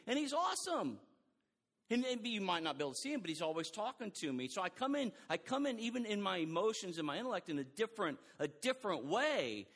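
A middle-aged man preaching a sermon in an animated way, acting out quoted dialogue and often restarting his sentences. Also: sits high, big-room sound.

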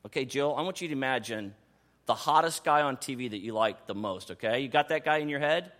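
A man in his thirties preaching a sermon in a conversational, animated way, dropping to soft asides and rising to excited calls. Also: medium pitch, brisk. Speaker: pastor.

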